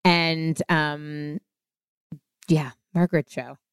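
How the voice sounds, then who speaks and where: A woman guest on a podcast telling a long story in a casual, animated way, acting out the voices of people she quotes. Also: low-pitched, extremely slow, clean tone, dry recording, studio quality.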